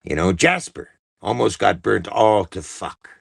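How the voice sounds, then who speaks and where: A man rants on a livestream, profane and exasperated. His voice is gravelly, his pitch swings widely, and the sound is close and dry. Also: animated, a little slow, dry recording. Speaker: livestream host. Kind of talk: angry political rant.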